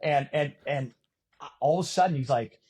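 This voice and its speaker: A middle-aged man telling a story as a podcast guest in a casual, animated way, cursing and poking fun at himself. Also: a little high, normal speed, breathy edge. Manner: animated, profane, self-mocking. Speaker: podcast guest, former volleyball player and announcer.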